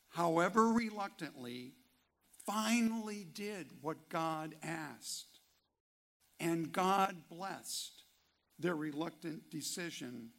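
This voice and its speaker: Male pastor for a sermon: unhurried, emphatic delivery, gravelly tone. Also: fairly high pitch, fairly bright tone. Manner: rhetorical questions, slow emphatic delivery; reads scripture quotes aloud. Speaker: preacher.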